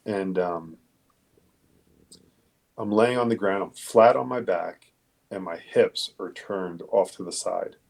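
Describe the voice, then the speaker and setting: Low gravelly man telling his story. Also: darkish tone. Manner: halting, candid, swears casually. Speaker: police detective guest. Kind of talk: conversational storytelling.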